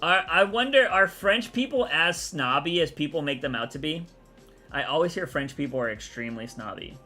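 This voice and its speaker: A man's voice: fairly high pitch, animated, normal speed, sharp tone, soft background music. Young man rambling on a livestream. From Texas. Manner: rambling, chatty, answers chat aloud. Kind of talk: casual livestream chat.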